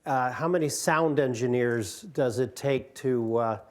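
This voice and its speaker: A man's voice: medium pitch, a little slow. Joking man in his sixties giving a talk. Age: 60s. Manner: joking, self-deprecating storyteller. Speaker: guest speaker. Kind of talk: informal talk to an audience. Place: community hall.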